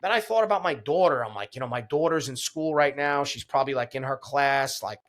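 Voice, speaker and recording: A man of ordinary mid-range pitch tells a personal story to a podcast host. His delivery is earnest and conversational, full of fillers and restarts. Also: fairly quick, a bit bright. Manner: earnest, vivid retelling with many fillers and restarts. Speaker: podcast guest.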